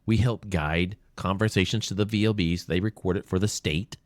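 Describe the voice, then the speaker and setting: Male guest, deep voice, warm-hearted emotional storyteller, dry room sound. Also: fairly even intonation, normal speed, dry recording. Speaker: podcast guest, veteran advocate. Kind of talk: conversational storytelling interview. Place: small room.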